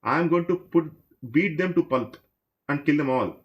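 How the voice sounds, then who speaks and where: A man's voice: on the high side, lively intonation, moderate pace, dull audio, natural voice. A man voicing an eager, loyal male monkey warrior who pleads for a chance to fight.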